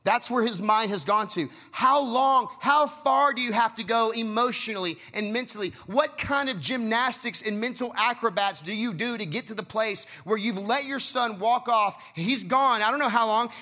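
A man's voice: sits high, pushed and bright. A male pastor preaching a passionate sermon, retelling a story and acting out its voices.

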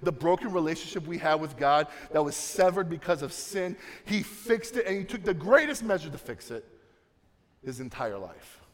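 A young man preaching a sermon, swinging from soft, low passages to loud, emphatic ones. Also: expressive, moderate pace. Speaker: pastor. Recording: long reverb of a large hall.

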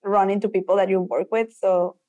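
A young woman from Mexico, a native Spanish speaker, tells stories as an interview guest. She talks animatedly, acting out quotes and scattering "like" through her speech. Her voice sits at a middle pitch. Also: fairly quick, muffled recording. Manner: animated, acts out quotes, filler "like". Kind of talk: casual storytelling in conversation.

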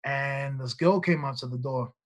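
A New Zealand man who works as a nightclub bouncer guests on a podcast, telling casual stories in a loose, rambling manner. He swears often and keeps restarting his sentences, speaking at normal speed in a mid-range voice.

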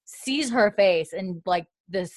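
A woman's voice: mid-range voice, animated, slow pace, no room sound. A woman co-hosting a podcast, recapping a TV episode in a chatty way full of fillers. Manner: chatty, lots of likes, swears casually. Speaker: podcast co-host.

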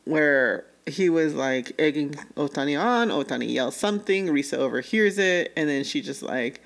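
A woman's voice: low-pitched, expressive, normal speed, vocal fry. Chatty woman recapping an anime. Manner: chatty, laughs often, acts out characters' lines. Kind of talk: casual chat reviewing an anime.

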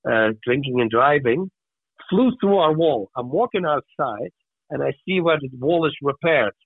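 A man on a podcast, telling personal stories in a lively, animated way and acting out the voices of the people in them. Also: mid-range voice, breathy edge, no room sound. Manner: animated storyteller who acts out voices. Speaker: podcast guest. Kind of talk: casual storytelling. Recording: tinny phone-like dry sound.

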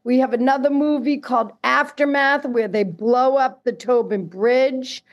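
A woman chatting as a guest, telling stories in a lively way and laughing often. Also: sits high, measured pace, lo-fi sound. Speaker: guest, casting agency co-owner. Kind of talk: casual chat.

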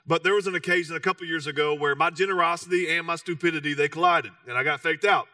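A man's voice: a little high, steady tone, fast, sharp tone, no room sound, studio quality, far from the mic. A man in his thirties from Texas with a Texan accent, preaching a sermon as a casual, self-mocking story full of "you know". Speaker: pastor.

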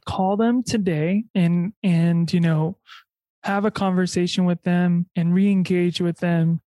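A woman's voice: fairly low pitch, dark tone, no room sound. Rambling young woman hosting a podcast. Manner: rambling, halting with many fillers and restarts. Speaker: podcast host. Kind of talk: casual podcast chat.

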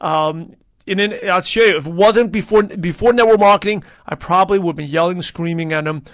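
A man in his thirties talks through a casual solo podcast in a fairly high voice. He rambles and restarts often and leans on fillers. The sound is dry and close, with no room around it. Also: fairly quick, no echo. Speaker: podcast host.

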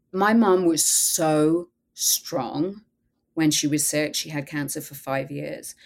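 A woman's voice: deep voice, a little mellow. A woman guest telling a personal story in a podcast interview, earnest and candid, often quoting her own thoughts.

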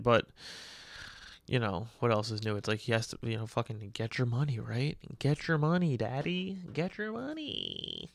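A man hosting a podcast, ranting casually in a crude, joking, rambling way with quick voiced asides. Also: mid-range voice, fairly bright tone. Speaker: podcast host. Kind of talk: casual solo podcast rant.

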